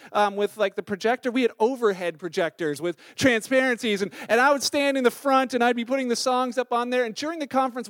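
A man's voice: extremely high pitch, clean tone, no echo, studio quality. A middle-aged man, a pastor giving a conversational sermon, telling a self-deprecating personal story with filler words and restarts.

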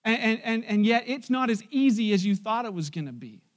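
Male pastor, very high-pitched, lively, humorous sermon delivery. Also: brisk. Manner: lively, joking storyteller who acts out the characters.

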